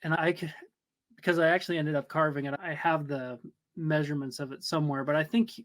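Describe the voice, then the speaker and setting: Male co-host, higher-pitched, reflective casual chatter. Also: fairly even intonation, fast, a bit bright. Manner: reflective, thinking aloud. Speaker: podcast co-host. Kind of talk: casual conversation.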